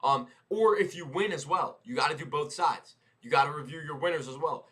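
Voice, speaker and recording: A man's voice: a little fast, a bit bright. Slangy young man teaching trading on stream. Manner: loose, slangy, repeats phrases, says "right?" and "boom" a lot. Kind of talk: casual live-stream teaching. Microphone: headset mic.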